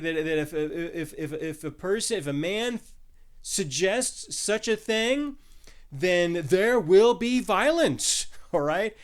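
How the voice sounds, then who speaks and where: Halting, chuckling man preaching. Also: high voice. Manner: halting, many restarts, laughs at own jokes. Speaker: pastor. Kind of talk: sermon.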